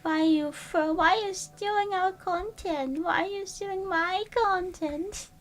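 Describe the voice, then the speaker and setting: A woman voicing a small, childlike red monster who whines in a drawn-out, sulky way. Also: extremely high pitch, fairly bright tone, voice pushed up, full character voice. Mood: sad whining. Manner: whiny, drawn-out complaining.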